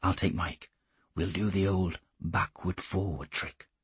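A man voicing a burly, gruff commando who gives low, curt, matter-of-fact orders. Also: fairly even intonation, a little slow, no echo, heavily acted.

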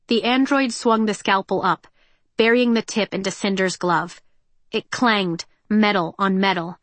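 A woman's voice: mid-range voice, no echo. Woman narrating a tense audiobook. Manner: measured, tense, expressive reading.

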